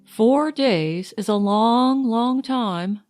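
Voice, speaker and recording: A woman's voice: fairly high pitch, drawn-out words, darkish tone, no room sound, soft background music. A woman voicing a spirited, impulsive young American woman. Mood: joyous.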